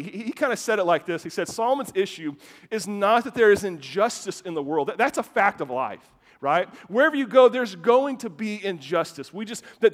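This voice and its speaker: A man with a notably high voice preaches to his congregation, mixing scripture with personal anecdotes. He speaks in an animated way, often doubling the first word of a phrase. The sound carries a long, echoing reverb from the church hall around him. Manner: animated, repeats words at the start of phrases. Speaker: pastor. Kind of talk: sermon with personal storytelling.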